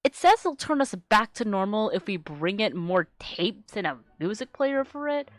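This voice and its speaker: A woman's voice: medium pitch, very animated, normal speed, no room sound. A woman streamer reading her own webcomic aloud, giggly and rambling, swearing casually. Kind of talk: casual live-stream commentary.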